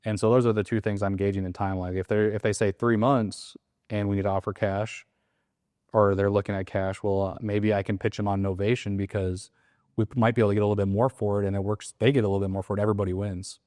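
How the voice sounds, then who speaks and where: A man with a low-pitched voice explains a sales process in relaxed, casual chat. He slips into short acted-out lines from phone calls with sellers as he goes. The sound is dry and close, with no room echo. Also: fast talker. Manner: acts out sales call lines in quotes. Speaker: real estate wholesaling coach.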